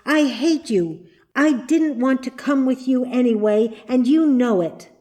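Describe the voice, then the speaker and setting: A woman's voice: sits high, expressive, slow pace, a little mellow, voice pushed up. Woman voicing a frightened, pleading little girl. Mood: upset, pleading. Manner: anxious, pleading cries. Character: distressed little girl, easily upset and pleading.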